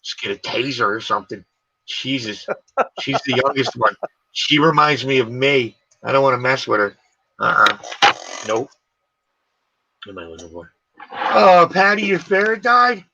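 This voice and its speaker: A man in his forties hosting a live stream, chatting in a rambling, animated way and swearing casually. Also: mid-range voice, moderate pace, vocal fry, pauses often, a little hiss or hum. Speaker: livestream host. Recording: dull lo-fi stream audio.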